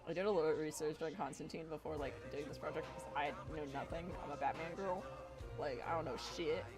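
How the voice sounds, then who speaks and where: A woman's voice: deep voice, fairly quick, over loud music. A young adult woman streaming while she draws, chatting casually, laughing often and swearing freely. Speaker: streamer and artist. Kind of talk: casual live-stream chat while drawing.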